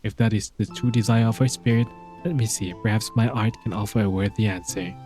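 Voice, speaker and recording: A man voicing a gentle, solemn female star goddess, reading her game lines in a soft, formal and grave way. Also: fairly low pitch, fairly even intonation, a little fast, faint music behind, close to an everyday voice. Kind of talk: reading game dialogue aloud.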